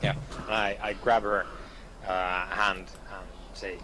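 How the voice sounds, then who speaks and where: Male player, low and quiet, hesitant, hissy distant recording. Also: level tone, takes it slowly. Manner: quiet, hesitant, with many fillers. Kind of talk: quiet tabletop play. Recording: noisy, distant sound.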